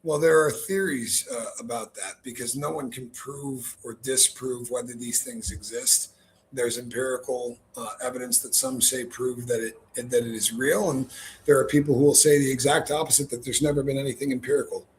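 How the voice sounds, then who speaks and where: Laughing man co-host over faint noise. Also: medium pitch. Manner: laughs a lot, explains things in a measured way. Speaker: podcast co-host. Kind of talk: casual chat.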